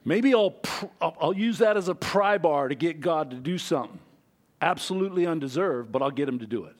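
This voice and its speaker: Man, pastor, lively sermon delivery, slightly higher voice, big pitch swings. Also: a little fast. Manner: lively, conversational preaching with wide swings in pitch and loudness.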